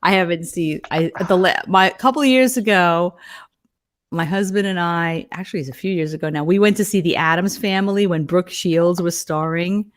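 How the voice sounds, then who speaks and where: A woman's voice: on the low side, moderate pace. A middle-aged woman, hosting a casual chat and telling stories with lots of laughter. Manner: animated storyteller, laughs often. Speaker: host.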